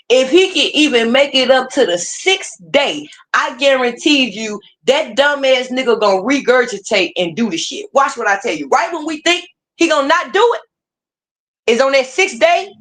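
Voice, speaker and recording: A woman hosting a livestream, ranting heatedly and swearing freely at online rivals. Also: fairly high pitch. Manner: heated, profane, animated. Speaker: streamer host. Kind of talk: profane ranting livestream talk.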